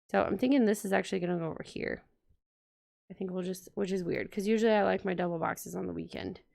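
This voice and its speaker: A woman's voice: medium pitch, vocal fry. A woman vlogger chatting casually to her viewers while decorating a planner, rambling and talking straight to the audience. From United States.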